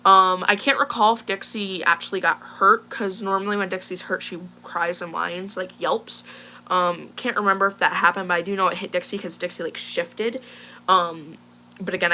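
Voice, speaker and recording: Speaking at a moderate pace in a lowish, sharp voice with fairly even intonation, a teen girl recounts something upsetting to her live viewers. She rambles, fills the gaps with fillers, and sounds rattled. A faint hiss or hum sits under the recording.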